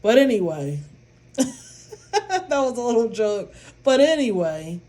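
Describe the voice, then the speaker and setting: A woman's voice: fairly high pitch, sing-song, takes it slowly, dark tone. A woman vlogger talking to her followers in a casual monologue, rambling and repeating herself with emphasis. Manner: rambling, repetitive and emphatic, with bursts of laughter.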